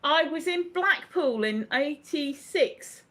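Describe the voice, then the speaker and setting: Woman, fifties, livestream host, casual rambling chat, very lively pitch. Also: takes it slowly. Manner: chatty, laughs often, rambling asides. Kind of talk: casual chat reading viewer comments.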